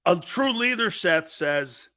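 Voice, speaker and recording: A high-pitched, bright-toned man hosts a sports talk show and spins animated stories between viewer comments. He laughs hard at his own jokes and talks in a loose, casual way. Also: takes it slowly. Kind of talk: casual live-stream chat reading viewer comments.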